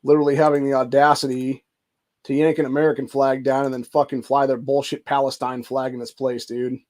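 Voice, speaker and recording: This profane livestream rant comes from a male host who keeps cursing and saying "dude" in anger. He speaks a little fast at medium pitch, with a flat, slightly mellow delivery.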